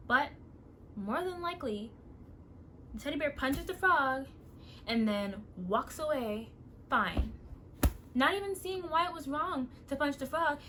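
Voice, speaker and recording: A woman's voice: high-pitched, bright, forceful tone, a little hiss or hum. A woman vlogger giving earnest, encouraging advice in a casual talk to camera.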